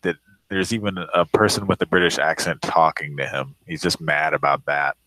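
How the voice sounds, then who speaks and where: A young man with a very low voice hosts a live prank call show. He rambles in loose, profane banter and breaks into laughter. The sound is close and dry. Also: steady tone, normal speed, pushed and bright, no echo, rough recording.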